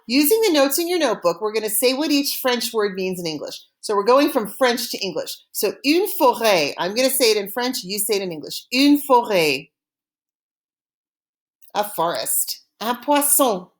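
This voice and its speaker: A woman teaching French vocabulary, saying each word clearly and repeating it for students to copy. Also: on the high side, big pitch swings. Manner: slow, deliberate, repeating words for students. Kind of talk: language lesson drills.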